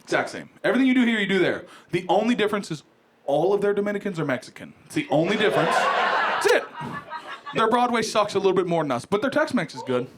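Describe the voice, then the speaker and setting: A man's voice: sits high, fast talker. A young man from Ohio doing a profane, brash stand-up comedy set on a club stage. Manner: brash, profane, animated storytelling. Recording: live club recording with audible crowd noise.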